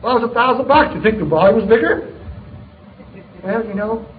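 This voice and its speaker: With a high, expressive voice and a fairly quick delivery, a middle-aged sales leader entertains a distributor meeting with an upbeat motivational talk of punchy, joking stories. The live recording is tinny and narrow-band, with a roomy sound.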